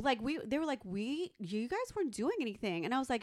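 Lively, animated woman telling a story. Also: high voice, quick pace, no echo, studio quality. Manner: animated, profane, acts out quotes. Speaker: podcast co-host. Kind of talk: casual storytelling chat.

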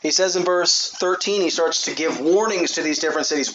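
A man preaching a sermon who reads scripture in a raised, high voice and then talks to the congregation in a casual way. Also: fairly quick, fairly bright tone. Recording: dull, lo-fi recording with faint noise.

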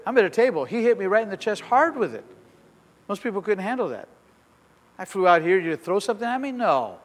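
An older man preaching a sermon as pastor, telling a story with acted-out dialogue, repeating phrases and building to shouts. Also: sits high, very animated, a little fast, long reverb tail.

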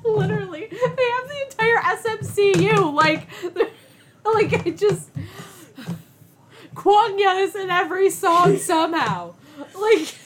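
A woman's voice: very high voice, animated, slow pace, fairly bright tone. A woman co-hosting a podcast in casual chat, joking and laughing often. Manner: jokey, giggly, laughs often. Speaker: podcast co-host. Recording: clear background hiss.

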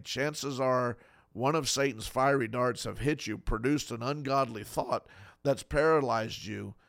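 A man's voice: mid-range voice, no room sound, clean studio sound. A man preaching as a pastor, earnest and pleading, stacking up short repeated phrases. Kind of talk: sermon.

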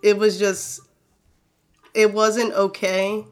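A woman's voice: medium pitch, flat delivery, takes it slowly, soft background music. A woman hosting a casual podcast among friends on a remote call, loose and joking, laughing often and swearing casually. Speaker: podcast host.

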